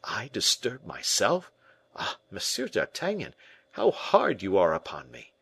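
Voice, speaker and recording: A man voicing a timid young playwright who speaks softly, often in a hush, evasive and protesting, in an audiobook reading. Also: lowish voice, wildly swooping pitch, unhurried, vocal fry, slightly rough, heavily acted. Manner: soft, whispering, evasive.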